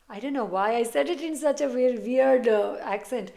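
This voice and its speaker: A woman's voice: fairly high pitch, normal speed, creaky, hardly any pauses, warm tone. A woman tarot reader talking casually and reassuringly straight to her viewers as she gives a reading. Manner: chatty, reassuring, direct address to viewers.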